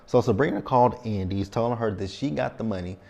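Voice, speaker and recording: A man in his thirties talks through a TV episode in a casual vlog recap, his voice sitting slightly low. He speaks frankly and keeps checking in with tag questions as he goes. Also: fast talker, creaky, dark tone. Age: 30s. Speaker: TV show recap reviewer.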